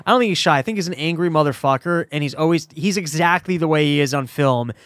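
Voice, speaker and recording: Guy hosting a podcast, blunt and crude, kinda high voice. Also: fast talker, no room sound. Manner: blunt, mocking, profane. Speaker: podcast host. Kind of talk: casual chat.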